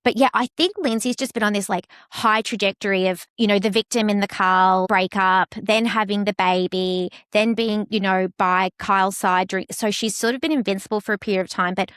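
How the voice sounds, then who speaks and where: A woman's voice: mid-range voice, steady tone, fairly quick, few pauses, a bit bright, clean tone, no room sound, clean studio sound. A woman co-hosting a chatty podcast, giving blunt opinions in casual talk and swearing freely. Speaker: podcast co-host. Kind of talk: casual chat.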